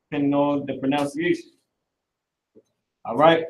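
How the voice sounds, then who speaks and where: A talkative male teacher leading a casual online class, narrating each step as he clicks through. His voice sits slightly high, and the recording is roomy and set back from the mic. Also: moderate pace, distant mic. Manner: animated, talkative, works through the screen aloud.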